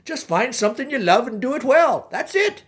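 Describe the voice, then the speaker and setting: A woman's voice: sits high, sing-song, moderate pace. A woman voicing a blunt, mocking old male bridge troll. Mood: gruff.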